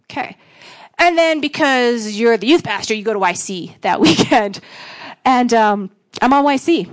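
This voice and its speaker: A woman youth pastor, giving a frank, self-deprecating personal testimony and acting out bits of dialogue. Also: fairly high pitch. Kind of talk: candid personal testimony talk.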